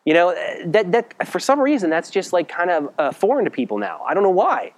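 A man's voice: sing-song, a little fast. Conversational middle-aged preacher man. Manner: conversational preaching with rhetorical questions, dropping to a low serious voice. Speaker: pastor. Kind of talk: sermon.

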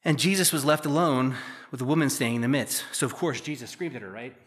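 A man's voice: mid-range voice, quick pace, a bit bright. A middle-aged man preaching a sermon, reading scripture verses and explaining them with casual, joking asides. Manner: conversational, joking asides between read verses. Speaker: pastor.

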